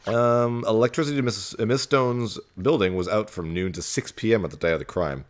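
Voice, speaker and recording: A man hosting a let's play, giving jokey, animated gameplay commentary with rambling asides, recorded at home. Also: low voice. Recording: voice over game music.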